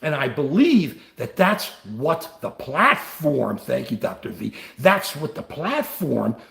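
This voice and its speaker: An older man talks straight to his live-stream viewers, his voice riding high and swinging widely as he gets worked up. A gravelly edge runs under his words, and the room around him rings with echo. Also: very animated, slow, a bit bright. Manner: impassioned, reads and answers viewer comments. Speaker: livestream host. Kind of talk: live-stream political talk.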